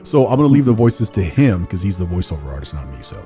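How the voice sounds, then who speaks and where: A man's voice: sits low, very animated, quick pace, dark tone, soft background music. A man hosting a podcast in casual chat, rambling and laughing at himself. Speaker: podcast host.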